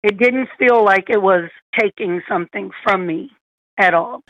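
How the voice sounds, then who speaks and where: A woman's voice: medium pitch, unhurried, a bit bright, no room sound. A woman guest in a podcast interview, heartfelt, grateful and emotional, over a dull lo-fi remote line. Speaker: interview guest, kidney donor.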